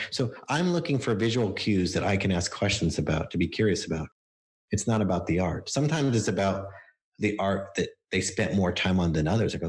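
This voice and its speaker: A man's voice: sits low, expressive, brisk. A man on a podcast interview, explaining his coaching process through stories and acted-out quotes from clients. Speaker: book coach guest.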